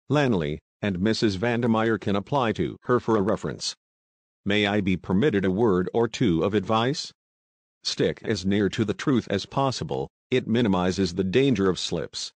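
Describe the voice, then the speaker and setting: A man reading a formal gentleman's letter of advice in a storybook, measured and polite. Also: fairly low pitch, animated, no room sound. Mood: advising.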